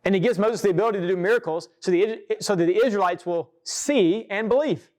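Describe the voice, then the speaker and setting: A man's voice: high voice, quick pace. A man teaching scripture to a group, reading verses aloud and talking them through in a casual, conversational way with frequent asides and restarts. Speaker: pastor. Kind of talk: sermon-style Bible teaching.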